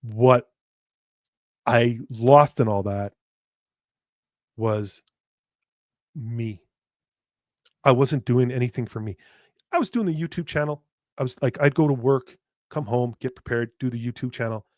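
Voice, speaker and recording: Male podcast host, mid pitch, dry close sound; emotional, halting delivery with restarts and blunt swearing. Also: no room sound. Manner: halting and emotional, with frequent restarts and repeated words; earnest, speaking straight to listeners. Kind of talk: candid personal podcast monologue.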